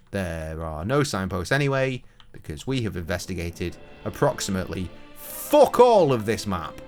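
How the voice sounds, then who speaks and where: An English man in his thirties, streaming a game with sweary, jokey commentary and sudden loud outbursts. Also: deep voice, sing-song, moderate pace, few pauses, faint music behind. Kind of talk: casual gaming commentary.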